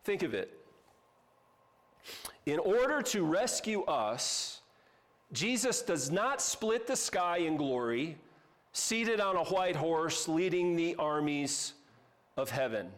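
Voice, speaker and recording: A man's voice: fairly high pitch, very animated, slow pace, long pauses. A man preaching a sermon as pastor, conversational and emphatic, with casual asides.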